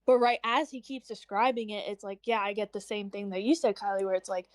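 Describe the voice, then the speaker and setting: A woman's voice: medium pitch, brisk. A young woman co-hosting a book club stream, talking animatedly in a casual chat and acting out lines from the story. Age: young adult. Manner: animated, acts out characters' lines with lots of "like".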